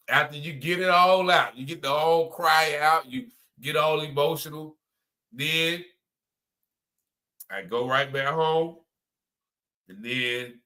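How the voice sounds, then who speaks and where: A man's voice: a little high, sharp tone. A man from North Carolina, giving a spoken religious testimony in a conversational way, often repeating himself and saying "you know" and "man.".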